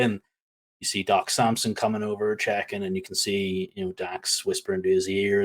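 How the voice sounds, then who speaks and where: A man co-hosting a wrestling podcast, talking casually in an animated, rambling way with many fillers. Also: on the low side. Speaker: podcast co-host.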